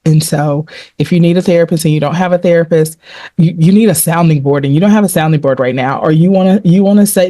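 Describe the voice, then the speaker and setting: A woman therapist hosting a casual talk, warm and reassuring, often repeating words as she starts a sentence. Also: low-pitched, no room sound. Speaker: therapist, podcast host.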